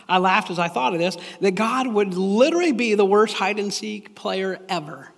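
A man preaching a sermon as a pastor, earnest and animated, often repeating himself. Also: sits high, normal speed, creaky. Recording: long hall reverb.

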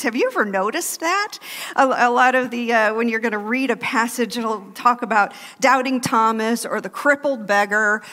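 A woman delivers a sermon in a loud, animated way, breaking into laughing asides. Her voice sits fairly high. It rings through a church with a long hall reverb. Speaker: guest preacher. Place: church sanctuary.

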